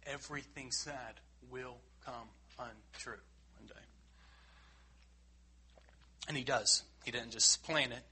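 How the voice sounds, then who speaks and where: Earnest, husky-voiced male preacher. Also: medium pitch. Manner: earnest, emphatic, swings between loud and quiet. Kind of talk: sermon.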